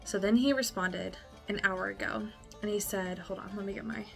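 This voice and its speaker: A woman vlogging casually, often breaking into laughter and reading emails aloud slowly and dramatically. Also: mid-range voice, steady tone, gravelly, over music. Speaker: scam-baiting vlogger. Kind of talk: casual vlog chat.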